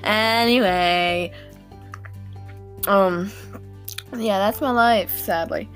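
A teenage girl hosts a podcast in a casual, diary-style monologue, rambling self-deprecatingly about her day with frequent nervous giggles. Her voice is fairly low and her pace normal, with soft music in the background.

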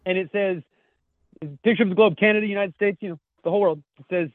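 A laid-back man co-hosting a podcast, reading out memes with swearing and laughter. His voice sits a little high for a man. It comes through a dry, narrow, phone-like recording. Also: steady tone, quick pace, no room sound. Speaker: podcast co-host. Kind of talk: casual chat.

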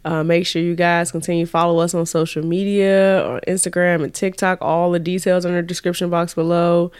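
A woman's voice: on the low side, flat delivery, a little fast, darkish tone, clear, resonant tone, no echo. A woman co-hosting a podcast in casual chat, talking freely and leaning on "like" as she thinks aloud. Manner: chatty, heavy on "like", thinks aloud. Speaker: podcast co-host.

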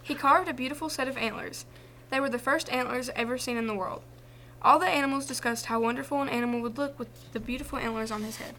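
A woman reads a children's folktale aloud in a clear, expressive storyteller's voice. Her pitch is high and her tone bright. A faint noise sits under the recording. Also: fast. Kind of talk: reading a children's book aloud.

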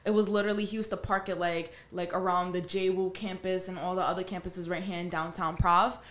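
A woman co-hosting a podcast, talking in a relaxed, chatty way and swearing casually. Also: fairly low pitch, quick pace. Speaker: podcast co-host. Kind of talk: casual chat.

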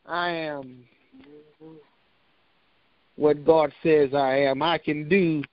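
A man preaching a sermon, telling a personal story with a measured, repetitive cadence. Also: fairly high pitch, fairly even intonation, dry recording, muffled recording.

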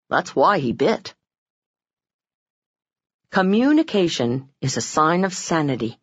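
Woman, self-help audiobook narrator, scripted reading, expressive with quoted lines acted out, dull lo-fi recording. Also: slow pace, husky, dry recording. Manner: expressive, acts out quoted lines with pitch jumps.

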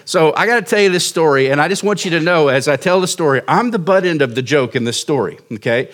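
Fairly high-voiced pastor in his forties. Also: expressive, quick pace, fairly bright tone. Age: 40s. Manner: casual, self-mocking storytelling. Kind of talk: sermon with personal storytelling.

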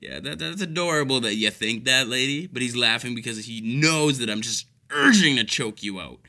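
A man's voice: mid-range voice, lively intonation, moderate pace, vocal fry, sharp tone. A man delivering an exasperated, profane comedic rant full of sarcasm. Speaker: caregiver telling stories.

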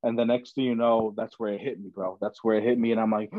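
This young podcast guest rattles through his story at a quick pace, his fairly low voice flat in delivery. He's loose and chatty, full of "man" and "bro," in a dull, dry lo-fi recording without room sound.

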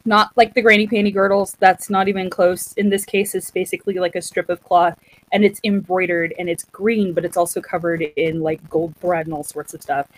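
A woman casually retelling a story in a chatty, animated way, acting out what the characters say. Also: fairly low pitch, a little fast, poor audio. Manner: chatty, animated, acts out quotes.

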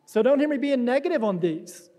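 A man's voice: very high voice, lively intonation, a little fast, warm tone, big-room sound. A man preaching a conversational sermon in a church, acting out quotes as he explains a passage. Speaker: pastor. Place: church sanctuary.

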